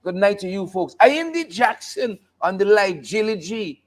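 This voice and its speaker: High-voiced joking man host. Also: big pitch swings, normal speed, few pauses. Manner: joking, playful, sings snippets and laughs often. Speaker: talk show host. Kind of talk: casual live show commentary.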